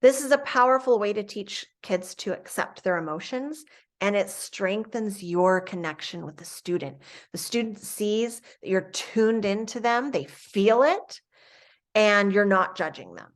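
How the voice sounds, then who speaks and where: Middle-aged female instructor, calm, measured, step-by-step lecture delivery, mid-range pitch. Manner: calm, explaining step by step, soft acted examples for students. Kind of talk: instructional lecture on classroom coaching.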